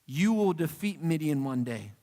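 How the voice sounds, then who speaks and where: A man putting on God's deep commanding voice. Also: animated, moderate pace, warm tone, close to an everyday voice. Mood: firm. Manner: stern big voice. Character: God, male, deep and commanding. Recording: long reverb of a hall.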